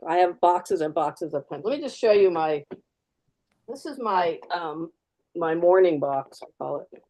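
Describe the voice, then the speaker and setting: A woman's voice: lowish voice, lively intonation, measured pace, mellow. A woman artist giving a live fountain pen demo, chatty and practical, repeating key words for emphasis. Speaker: artist demonstrating fountain pens.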